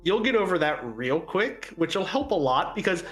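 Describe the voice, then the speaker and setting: Dm guest rambling on a chat podcast, lots of ums, middle pitch. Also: moderate pace, faint music behind. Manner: rambling, lots of fillers, lively. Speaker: guest, game master.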